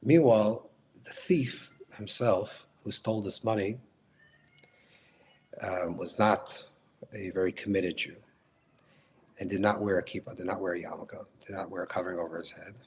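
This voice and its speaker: A man teaching as a rabbi walks through a story step by step, correcting himself and glossing every Hebrew term in plain English. His voice sits somewhat low, with a faint hiss of noise underneath. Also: a little mellow. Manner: restates phrases, glosses Hebrew and Yiddish terms in English; unhurried, repeats and corrects himself mid-sentence. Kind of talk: storytelling lecture.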